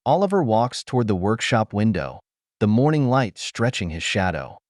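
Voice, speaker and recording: A man narrating a dramatic story in an even, unhurried way. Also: on the low side, no room sound, clean studio sound.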